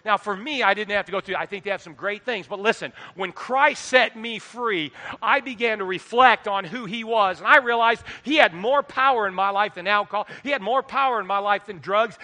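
A middle-aged man preaching a sermon into a microphone, animated, swinging between quiet asides and loud exhortation. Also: sits high. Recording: long hall reverb.

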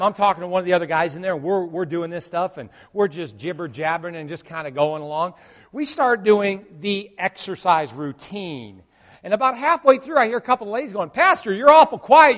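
A pastor with a high voice preaches with animated storytelling and acts out his groans. His voice rings with a long reverb in a church hall. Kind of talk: sermon.

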